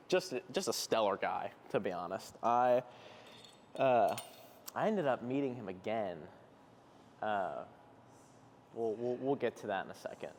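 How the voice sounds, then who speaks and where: A man's voice: on the low side, slight background noise. A young man chatting casually in a rambling, laid-back way, with lots of fillers, while working out in a gym. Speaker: fitness vlogger. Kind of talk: casual gym vlog chat. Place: gym, indoors.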